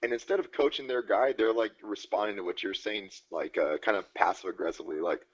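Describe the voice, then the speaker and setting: A man's voice: lowish voice, fast talker. A man co-hosting a podcast in casual chat, telling stories in a laid-back way with swearing and easy laughs. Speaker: podcast co-host. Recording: dull lo-fi podcast audio.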